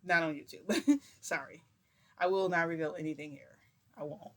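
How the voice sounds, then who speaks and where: A woman's voice: on the low side, moderate pace. A woman vlogger telling a story in a rambling, giggly, confessional way, with many fillers. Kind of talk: casual storytime vlog.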